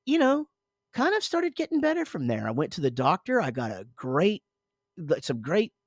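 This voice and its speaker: A man's voice: on the high side, wildly swooping pitch, normal speed, no room sound, studio quality. A man in his forties, co-hosting a casual podcast, telling a rambling, profane story about his morning with lots of self-interruptions. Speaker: podcast co-host, father.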